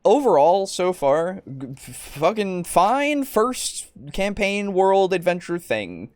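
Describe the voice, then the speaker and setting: This man's voice sits high and moves slowly but with great animation as he co-hosts a podcast about tabletop games. His chat is loose and rambling, packed with fillers, swearing, and frequent laughter.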